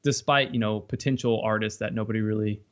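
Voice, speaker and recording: A man co-hosting a podcast in casual chat, animated and quick with quips. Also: lowish voice. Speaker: podcast co-host.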